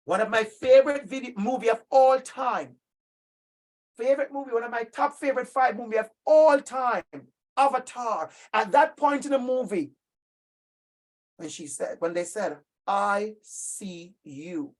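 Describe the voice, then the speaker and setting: Middle-aged man, Jamaican accent, workshop presenter, emphatic, animated delivery, speaks straight to his listeners. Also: very high-pitched, normal speed. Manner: emphatic and animated, addressing listeners directly by name. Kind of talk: lively professional-development talk.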